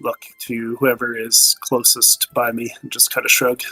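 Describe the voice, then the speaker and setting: A man's voice: medium pitch, monotone, normal speed, few pauses, pushed and bright, breathy edge, no echo, soft background music. A man playing in a tabletop game, describing actions in a laid-back way. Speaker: player.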